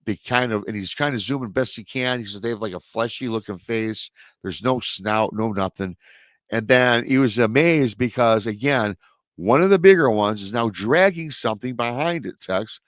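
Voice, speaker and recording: A man's voice: medium pitch, normal speed, no echo. A male host telling a story in a casual, rambling way, full of restarts and stock filler phrases. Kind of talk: casual storytelling on a live show.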